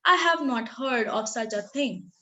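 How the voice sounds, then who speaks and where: A woman reading aloud the lines of a gruff old male painter who scoffs in disgust, voiced loudly and with scorn. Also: on the high side, animated, unhurried. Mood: scornful.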